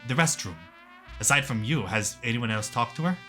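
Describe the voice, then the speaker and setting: A calm male ward doctor speaks in a bright, even voice, as a man reads him. He sounds measured and reassuring. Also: mid-range voice, soft background music.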